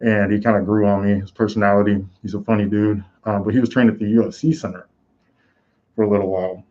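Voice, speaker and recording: A man's voice: on the low side, flat delivery, fast, mellow, muffled recording. A man hosting a live combat sports reaction stream, talking in a casual, rambling way with lots of fillers. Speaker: host.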